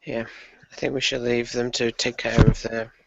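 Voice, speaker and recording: A man playing a tabletop role-playing game, talking in a relaxed, offhand way. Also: medium pitch, normal speed, creaky, highs cut off, very noisy. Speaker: player.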